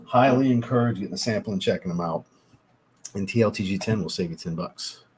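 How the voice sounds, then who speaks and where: A man's voice: on the low side, fairly quick, a little mellow, husky. A man hosting a casual livestream, chatting with viewers and thanking them, laid-back and swearing now and then. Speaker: livestream host, fragrance reviewer. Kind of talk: casual livestream chat reading super chats.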